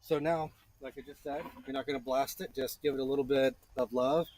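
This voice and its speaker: A man's voice: medium pitch, steady tone, fairly quick, darkish tone, no room sound, low-quality recording. A man teaching a beginner to forge in a blacksmith shop, chatty, joking and encouraging as he works. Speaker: blacksmithing instructor. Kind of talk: hands-on teaching while forging.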